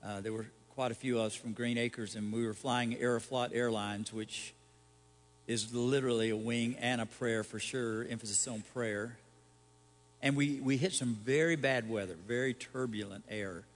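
A male pastor preaching in an easygoing, conversational way, asking rhetorical questions and adding touches of humor. His voice sits at an ordinary middle pitch. It rings with the long reverb of a church hall. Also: fairly even intonation, moderate pace. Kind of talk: sermon.

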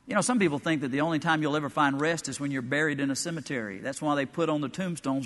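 A preacher delivering a sermon with animated storytelling, building to emphatic peaks. His voice is bright and forceful, pitched a bit high for a man. Long hall reverb trails every line. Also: fast talker, hardly any pauses.

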